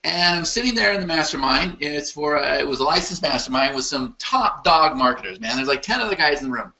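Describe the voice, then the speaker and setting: Hyped, high-voiced man presenting. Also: animated, brisk, vocal fry, pushed and bright, poor audio. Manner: emphatic, repetitive, hyped. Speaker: webinar presenter. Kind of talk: motivational sales pitch.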